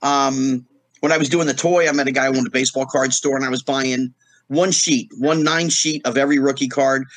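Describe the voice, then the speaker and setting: A man's voice: medium pitch, fairly quick, no echo. A middle-aged man, a guest in a casual interview, telling stories and acting out the voices of the people in them. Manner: animated storyteller acting out quoted voices.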